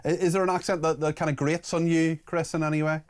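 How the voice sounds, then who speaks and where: A man's voice: on the high side, little pitch movement, quick pace. Conversational male talk radio host. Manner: conversational, hesitant, with filler restarts. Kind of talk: radio interview.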